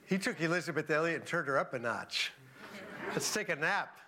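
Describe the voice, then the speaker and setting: A man's voice: a little high, brisk, a crowd in the background. A male pastor giving a conversational sermon, telling stories with chuckling asides. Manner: animated storytelling, chuckling asides.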